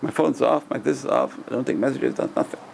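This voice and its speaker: A middle-aged rabbi with a gravelly edge to his voice, teaching a class in a loose, chatty way. He tells stories, repeats phrases and chuckles as he goes. A faint hum sits behind him. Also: medium pitch, quick pace. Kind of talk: Torah lesson with storytelling.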